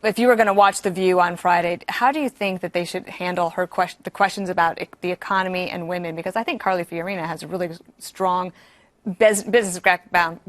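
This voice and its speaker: A woman hosting a TV panel show, steering the talk with brisk questions. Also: on the low side, fairly even intonation. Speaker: host. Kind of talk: TV panel moderation. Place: TV studio.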